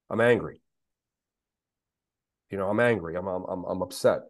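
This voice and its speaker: In a dry recording, a middle-aged man with a low voice talks at a moderate pace as a guest on a podcast. He is a special needs father giving a candid, emphatic conversational interview, repeating himself and occasionally swearing.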